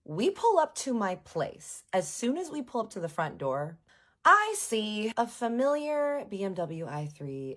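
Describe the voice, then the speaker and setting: A woman telling a personal story in a casual, animated, sarcastic way, with frequent swearing. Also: mid-range voice, measured pace. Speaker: vlogger.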